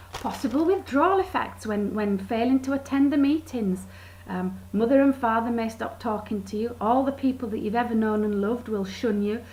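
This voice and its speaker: A woman's voice: fairly high pitch, darkish tone, a little hiss or hum. A woman vlogging, sarcastically reading from a leaflet and commenting on it. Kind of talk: casual vlog commentary.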